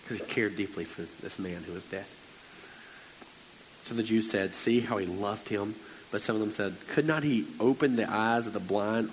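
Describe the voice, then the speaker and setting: A man preaching a sermon, moving between quiet scripture reading and loud, emphatic exhortation. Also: fairly low pitch. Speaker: pastor. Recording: long hall reverb with faint hiss.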